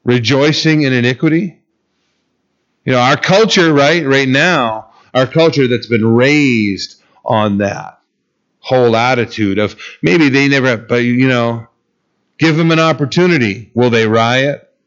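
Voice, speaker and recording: Guy preaching, chatty and jokey, mid pitch, kinda muffled lo-fi audio. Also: a little slow, a bit bright. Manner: conversational, humorous, chuckles often. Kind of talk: sermon.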